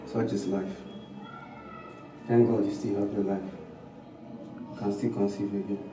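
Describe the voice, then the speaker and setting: A man with a Nigerian accent playing a calm doctor who explains things plainly. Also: on the low side, unhurried, distant mic, natural voice. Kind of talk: film acting. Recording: echoey room from afar with music.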